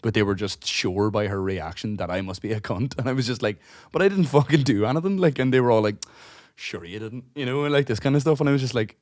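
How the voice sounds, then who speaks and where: Male co-host, low voice, close dry sound, lively storyteller who swears freely. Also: quick pace, few pauses, no echo. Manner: animated, swears freely, acts out quotes. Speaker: podcast co-host. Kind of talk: casual storytelling chat.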